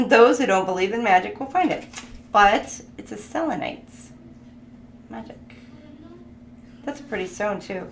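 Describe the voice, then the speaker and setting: A woman's voice: medium pitch, measured pace, pauses often. A woman giving a casual tarot reading, chatty and thinking aloud, laughing as she goes. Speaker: tarot reader. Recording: echoey room with background noise.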